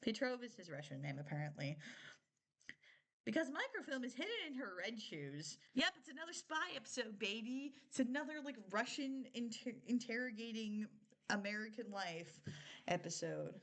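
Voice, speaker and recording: A woman's voice: on the high side, very animated, moderate pace, fairly bright tone. A young woman chatting casually on a live stream, rambling with lots of filler words and frequent giggles. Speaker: streamer reviewing a TV show.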